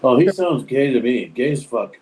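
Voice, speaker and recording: A man's voice: mid-range voice, expressive, moderate pace, a little mellow, rough recording. A man co-hosting a live stream, teasing the others in blunt, crude banter. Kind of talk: casual banter.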